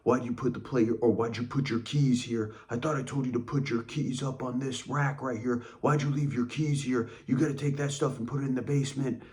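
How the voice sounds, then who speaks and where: Man doing a higher-pitched, shrill, nagging control freak, fussy and scolding. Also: steady tone, unhurried, few pauses, mellow, natural voice.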